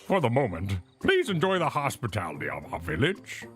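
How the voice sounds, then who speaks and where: A man voicing a large, stately elderly female bird elder, speaking slowly and formally. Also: medium pitch, huge pitch swings, fairly bright tone, soft background music, pitched below the performer's own voice. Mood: gracious.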